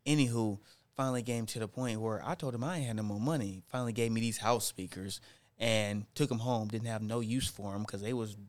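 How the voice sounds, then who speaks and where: A storyteller in a group chat, a man with a lowish voice, speaks briskly as he casually tells a story. He's animated and slangy, acting out what people said.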